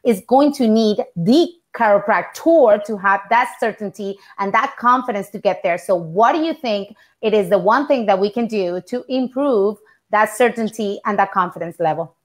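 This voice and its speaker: A woman's voice: mid-range voice, lively intonation, moderate pace. Woman host asking long questions. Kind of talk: interview questions.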